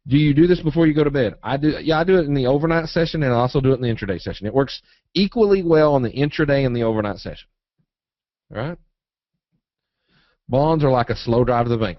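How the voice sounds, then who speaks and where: A man's voice: medium pitch, animated, fairly quick, dry recording. A man from Eastern Kentucky with a Southern accent, teaching a live trading webinar in a folksy, joking way, reading out viewer questions and answering them. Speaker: trading educator. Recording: dry, muffled webinar audio.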